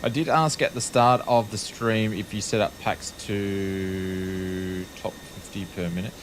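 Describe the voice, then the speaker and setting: An Australian man with a lowish voice gives relaxed, wry running commentary as a streamer. He often trails off with ums. A faint engine hum sits under his speech. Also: unhurried. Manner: chatty, wry, with frequent ums. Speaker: flight sim streamer. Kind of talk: casual live-stream commentary.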